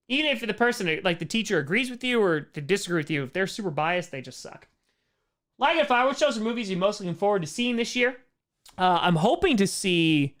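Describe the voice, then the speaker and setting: A man with a fairly high, fairly bright, clean voice hosts a casual livestream Q&A. He rambles through chat questions, filling his answers with "like" and giving blunt opinions as the streamer.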